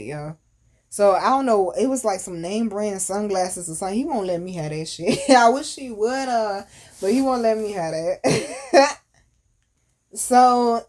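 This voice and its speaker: A woman's voice: medium pitch, a little mellow. A woman hosting a podcast, telling a personal story casually with candid, profane slang and emphatic asides. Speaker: podcast host.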